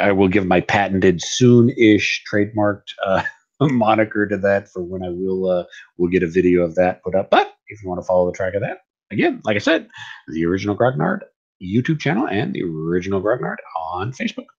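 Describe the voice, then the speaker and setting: A man's voice: sits low, sing-song, brisk, highs cut off. A man hosting a live wargame stream, talking casually in a rambling, stop-start way full of fillers. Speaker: wargame channel host.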